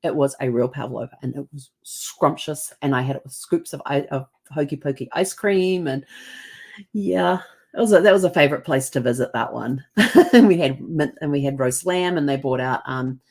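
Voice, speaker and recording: Woman with a New Zealand accent, low voice, chatty storyteller who acts out the dialogue. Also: moderate pace, darkish tone. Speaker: host. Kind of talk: casual storytelling.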